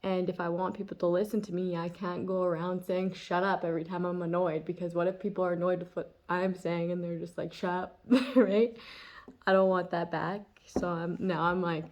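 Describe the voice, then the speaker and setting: A woman's voice: on the low side, a little mellow. A woman giving a casual, chatty tarot reading, laughing often and full of fillers. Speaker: tarot reader.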